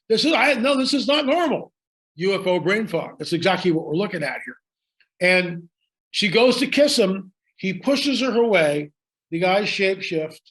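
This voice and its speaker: A man's voice: high voice, fairly bright tone. A man telling a story in conversation, emphatic and dramatic, repeating lines for effect. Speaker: guest storyteller.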